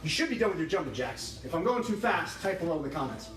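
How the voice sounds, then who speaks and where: High-voiced man coaching a workout class. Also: big pitch swings, fast, fairly bright tone. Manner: upbeat, counting reps, joking with students. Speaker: kickboxing instructor. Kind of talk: livestreamed workout class instruction. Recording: echoey room with music behind.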